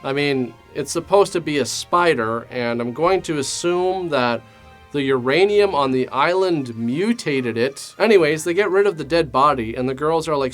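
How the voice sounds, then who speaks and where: A man hosting a comedic movie review, with a slightly high and very lively voice. He delivers sarcastic, deadpan asides over faint background music. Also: normal speed.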